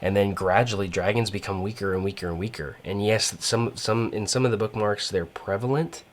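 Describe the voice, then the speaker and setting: A man's voice: lowish voice, a little fast. A man giving rambling, casual gameplay commentary, full of fillers and restarts. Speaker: gaming channel host.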